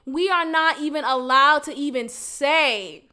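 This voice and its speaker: A woman's voice: sits high, measured pace, sharp tone. A woman hosting a podcast in a frank, profane casual monologue, often laughing as she talks. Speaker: podcast host.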